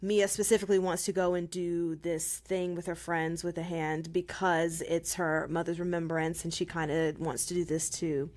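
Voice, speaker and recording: A woman's voice: lowish voice, little pitch movement, normal speed, few pauses, a little mellow. Laughing, upbeat woman co-host. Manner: laughs often, playful and upbeat. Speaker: podcast co-host. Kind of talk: casual chat.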